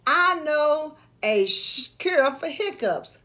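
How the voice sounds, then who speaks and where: A woman voicing a clumsy, cheerful male cartoon dog in a storybook read-aloud, speaking loudly and excitedly. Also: high voice, slow pace, voice pushed up, exaggerated voice. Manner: loud, excited, exclaiming.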